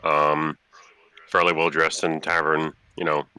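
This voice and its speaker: A man running a tabletop game as game master, narrating casually with many fillers and pauses. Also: rumbling low, monotone, bright, forceful tone, clear, resonant tone, no room sound.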